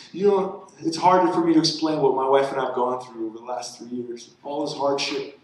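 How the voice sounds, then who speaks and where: Man in his thirties, campus pastor, chatty sermon delivery, mid-pitched voice, recorded in a hall with strong echo. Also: normal speed, a little hiss or hum. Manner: conversational, voice rising with excitement in the story. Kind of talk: sermon with personal storytelling. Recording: very echoey hall.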